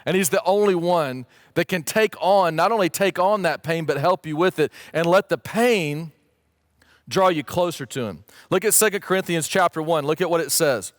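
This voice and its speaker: An earnest male pastor preaching a sermon in a fairly high voice. He is emphatic and builds into pleading questions. The sound is close and dry. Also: normal speed, no room sound. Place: church stage or studio, streamed online.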